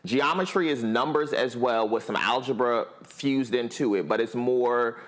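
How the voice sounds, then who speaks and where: A man's voice: medium pitch, normal speed, a bit bright. A man who teaches math, explaining plainly and earnestly as a guest on a talk panel.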